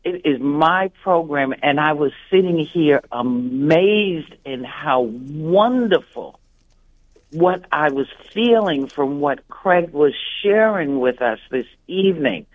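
A man's voice: a little high, animated, takes it slowly. A man calling in by phone to a radio pledge drive, speaking earnestly and emphatically and repeating his points. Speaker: radio show host calling in. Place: in the Dominican Republic. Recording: phone-line audio.

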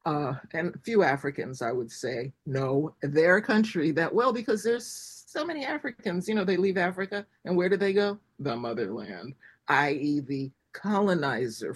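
A woman from the United States, speaking as an interview guest in an animated way, asking herself rhetorical questions and laughing between points. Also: sits low, slightly rough. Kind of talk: conversational interview.

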